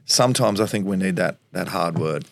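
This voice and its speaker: An Australian man in his forties from Tasmania, a former footballer telling animated stories in an interview, laughing often and acting out what people said. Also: low voice, fairly quick, gravelly, dry recording, clean studio sound. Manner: animated storyteller, acts out quotes, laughs often. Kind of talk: storytelling interview.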